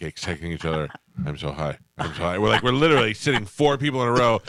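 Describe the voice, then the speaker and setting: A man's voice: fairly low pitch, rapid-fire, creaky, dry recording. A middle-aged man hosting a radio talk show, telling stories and acting out quotes in casual chat. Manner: storytelling, animated quoting of others.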